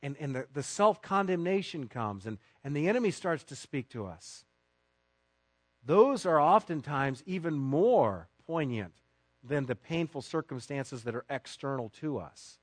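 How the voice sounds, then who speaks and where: Dry, high-voiced male preacher. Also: lively intonation, measured pace, dry recording. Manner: emphatic preaching, swinging between loud stresses and quiet asides. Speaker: pastor. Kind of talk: sermon.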